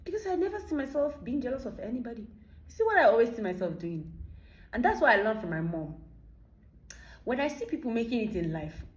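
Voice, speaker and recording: A woman's voice: fairly high pitch, very animated, fairly quick. A Nigerian woman in her thirties giving an emphatic motivational monologue, firing off rhetorical questions. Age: 30s. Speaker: vlogger. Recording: echoey room.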